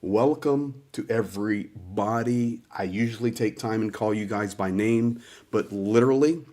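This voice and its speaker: A man's voice: lowish voice, moderate pace, a little mellow, soft background music. A man hosting a live stream, giving an earnest, heartfelt introduction and repeating himself for emphasis.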